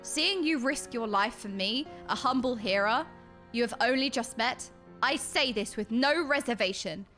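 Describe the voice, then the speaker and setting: A woman's voice: on the high side, normal speed, bright, forceful tone, faint music behind. Woman doing a humble young man, a mage, formal and earnest, a bit flustered, game dialogue. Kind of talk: reading game dialogue aloud.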